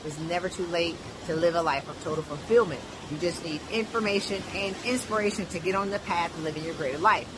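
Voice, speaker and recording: Salesy podcast promo, upbeat, lots of noise and traffic behind. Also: male voice, a little high, fast talker, few pauses. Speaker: podcast host reading an ad. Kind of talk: promotional read.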